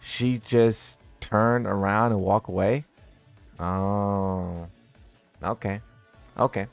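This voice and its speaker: A man's voice: lowish voice, fairly even intonation, extremely slow, creaky, soft background music. A man doing casual commentary for his viewers. He sounds incredulous and teasing, and he laughs at what he reads. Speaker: gaming content creator.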